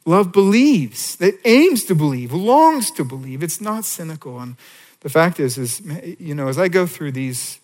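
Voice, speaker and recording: A man preaches in a church sanctuary, his voice sitting a bit higher than most. He talks to the congregation conversationally, throwing out rhetorical questions as he goes. Each phrase trails off into the long reverb of the large hall. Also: big pitch swings, unhurried, darkish tone. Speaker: pastor. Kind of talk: sermon.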